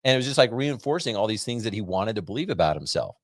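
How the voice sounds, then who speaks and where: Man, American, middle-aged, podcast host, casual rambling monologue, lowish voice, dry close sound. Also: big pitch swings, fast, dry recording. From United States. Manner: rambling and upbeat, heavy on fillers. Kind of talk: casual monologue to a live audience.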